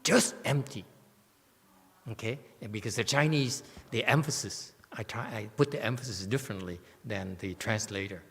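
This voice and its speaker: A man's voice: fairly low pitch, a little fast, vocal fry, hardly any pauses, a bit bright. A man giving a Buddhist sutra commentary as teacher, who keeps checking in with "okay?" and teases his listeners. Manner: playful, teasing asides to listeners. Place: temple lecture hall. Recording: long hall reverb.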